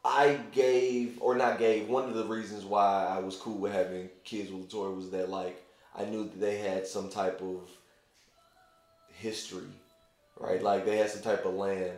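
A man talks in a loose, rambling way and keeps circling back with fillers as he makes his point. His voice sits low. The room is very echoey around him. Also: flat delivery, normal speed, a little mellow, soft background music. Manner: loose and rambling, heavy use of "like". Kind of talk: casual conversation.

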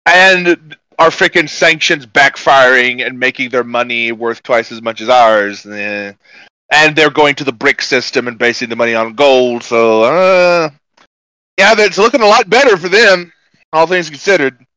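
A man in casual political podcast chat, telling stories in an animated, mocking way with plenty of swearing. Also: mid-range voice, unhurried, no room sound, poor audio. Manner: animated storyteller, profane, mocking.

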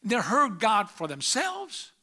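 Bright high-voiced preaching man. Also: huge pitch swings, takes it slowly. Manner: preaching with sudden loud rises and quiet asides; reads scripture aloud in old English. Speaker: pastor. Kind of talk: sermon.

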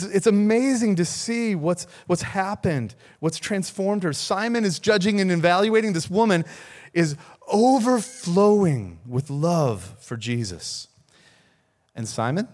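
A man, a pastor, preaching a sermon, telling a story earnestly with repeated words and rising emphasis. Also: high voice.

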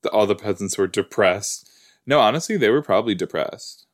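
A man's voice: fairly low pitch, expressive, a little fast. A man hosting a reaction video, chatting casually and exclaiming and asking questions at the screen as he watches.

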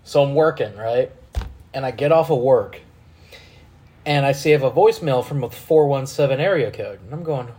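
A man hosting a casual podcast, telling stories in a profane, animated way. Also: mid-range voice, moderate pace. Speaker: podcast host.

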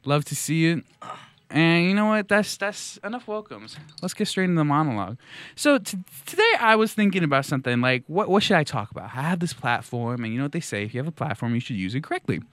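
Animated ranting male podcast host. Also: fairly high pitch, quick pace, no room sound. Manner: mock-outraged, sarcastic, ranting. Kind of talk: comedic monologue rant.

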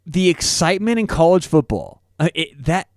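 A man's voice: on the high side, lively intonation, moderate pace, a little mellow, dry recording, studio quality. A man co-hosting a sports podcast, jumping in with comments and jokes. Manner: joking, interjecting. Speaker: podcast co-host. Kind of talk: casual sports talk.

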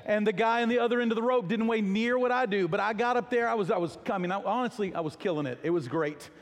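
A man's voice: sits high, fast talker, in a large hall. A male pastor preaching a sermon in a casual storytelling way, with self-deprecating humor.

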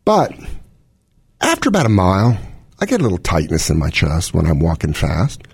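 A man's voice: deep voice, wildly swooping pitch, normal speed, gravelly, a little mellow, slightly rough, no room sound, clean studio sound. A middle-aged man, a cardiologist, explaining heart conditions in casual chat with analogies and quoted scenarios. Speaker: cardiologist host.

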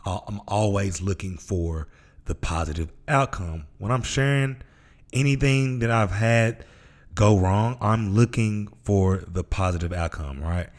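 A man's voice: fairly low pitch, a little slow. A man from Memphis, hosting a casual motivational podcast monologue in a laid-back, slangy way. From Memphis, Tennessee. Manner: laid-back, slangy, acts out voices in stories. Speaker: podcast host.

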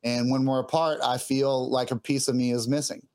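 A man's voice: medium pitch, flat delivery, normal speed, a little mellow. A man, a guest musician, telling a personal story in an earnest, heartfelt way, often stopping and restarting as he gets emotional.

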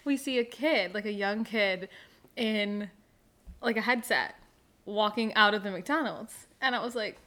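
A woman's voice: mid-range voice, unhurried, sharp tone. A young woman hosting a casual chat, telling a story with frequent laughs and lots of "like" fillers.

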